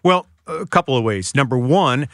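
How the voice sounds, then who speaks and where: A man's voice: medium pitch, animated, moderate pace, a bit bright, no echo, clean studio sound. A male author, a guest on a radio show, who tells one anecdote after another in a chatty way. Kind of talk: radio interview.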